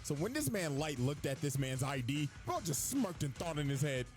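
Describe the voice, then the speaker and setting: A man rattles through a profane comedy recap with a lively, bouncing delivery and a slightly high voice. He slips into character voices constantly and keeps the slang loose. Music plays under him throughout. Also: moderate pace. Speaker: narrator of comedic anime recap.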